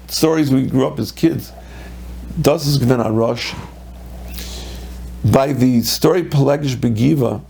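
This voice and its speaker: A man who is a rabbi giving a Torah lecture, animated, acting out quoted voices with sudden pitch jumps. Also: creaky.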